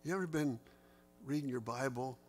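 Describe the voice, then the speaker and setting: A pastor talks through scripture with his church in a plain, mid-range voice. He is earnest and conversational, and his pitch leaps upward when he stresses a point. A faint hum sits underneath the recording. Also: moderate pace. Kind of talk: Bible study teaching.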